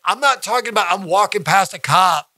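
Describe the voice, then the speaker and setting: A man's voice: sits high, fairly quick, bright, forceful tone, no room sound. A man who is a stand-up comedian talking as a podcast guest, blunt and profane, repeating himself for emphasis and laughing mid-sentence. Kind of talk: casual podcast conversation.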